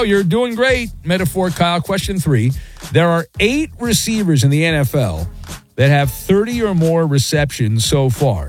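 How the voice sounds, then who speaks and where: Animated sports-radio host man, bouncy pitch. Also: faint music behind. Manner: lively, joking, quick asides. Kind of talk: sports talk quiz game.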